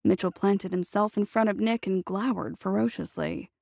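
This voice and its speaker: Gravelly-voiced woman narrating a novel. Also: mid-range voice, no echo. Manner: measured, even storytelling. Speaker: audiobook narrator. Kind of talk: scripted narration.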